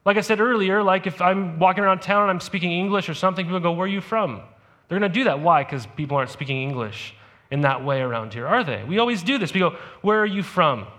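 Male pastor with a high voice, talking through a sermon like a chat and tossing in "right?" to the congregation. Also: lively intonation, fast talker, pushed and bright. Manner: conversational, peppered with "right?" asides. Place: church service.

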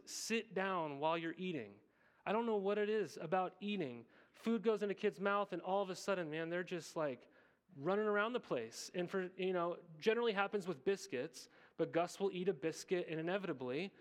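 A man in his thirties preaching a sermon as a pastor, talking in a conversational way, repeating phrases and checking in with "okay?" and "right?". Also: on the high side.

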